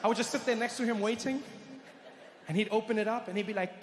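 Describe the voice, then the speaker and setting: A male comedian tells a story on a theater stage into a stage mic, acting out scenes and shifting his pace for effect. His voice sits high for a man, and the sound carries a long hall reverb over a faint ambient hum. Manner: animated, acts out scenes, speeds up and slows for effect. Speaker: stand-up comedian. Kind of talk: live stand-up storytelling. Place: theater stage before a live audience.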